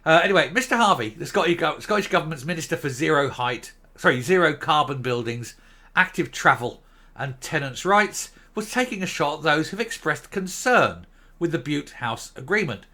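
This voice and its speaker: A man's voice: fairly high pitch, lively intonation, normal speed, sharp tone. A middle-aged man hosting an opinionated political commentary show, sneering and scornful, with frequent ums and uhs. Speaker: host.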